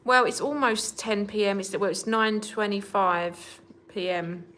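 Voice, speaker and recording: A woman's voice: mid-range voice, a little slow. A woman hosting a casual livestream from home, chatting with viewers and talking to her cats. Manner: chatty, talks to her cats in a soft baby voice. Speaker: livestream host.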